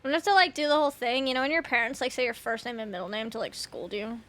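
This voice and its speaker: Bright-voiced young woman streamer chatting. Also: a little high, very fast. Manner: chatty, swears freely, laughs often, lots of "like". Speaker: game streamer. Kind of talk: casual chat while gaming live.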